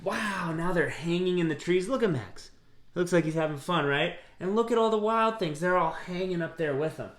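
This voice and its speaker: A man reading a picture book aloud, gently pausing to ask his listeners questions. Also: high-pitched, lively intonation. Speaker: storybook reader. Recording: roomy echo.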